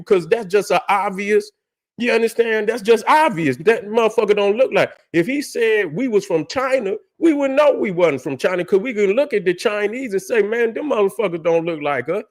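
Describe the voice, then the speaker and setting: A man rants on a livestream. He is heated and profane, repeats his points and keeps firing rhetorical questions at his listeners. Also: high-pitched. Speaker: livestream host. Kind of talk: heated casual rant.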